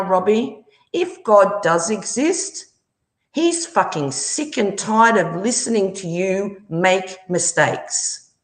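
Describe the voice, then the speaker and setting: A woman's voice: a little high, echoey room. A woman, hosting a livestream and angrily confronting someone, swearing often. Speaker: livestream host. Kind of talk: angry livestream rant.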